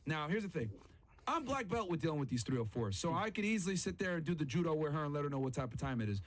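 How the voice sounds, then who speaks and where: High-pitched man on a profane rant. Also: big pitch swings, fast. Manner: heated, profane ranting; emphatic, repeats phrases. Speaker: podcast host. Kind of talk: reaction commentary.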